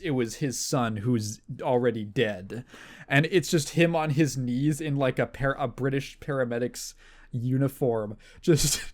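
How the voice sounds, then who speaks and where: A man's voice: fairly high pitch, darkish tone. A young man hosting a podcast, telling rambling stories in casual chat, laughing often and mimicking people. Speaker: podcast host.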